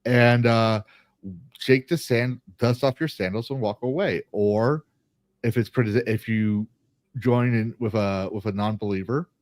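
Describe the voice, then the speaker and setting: Male podcast host, lower register, rambling earnest talker, dead-dry sound. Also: measured pace, no echo. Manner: rambling, restarts and fillers, earnest. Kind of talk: casual podcast chat.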